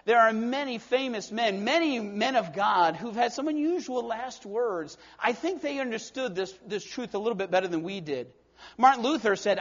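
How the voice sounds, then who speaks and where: Guy preaching a sermon, tells stories, goes quiet then punchy, highish voice, dull old tape sound. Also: lively intonation, a little fast. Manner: storytelling, swings between soft and emphatic. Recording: dull lo-fi recording.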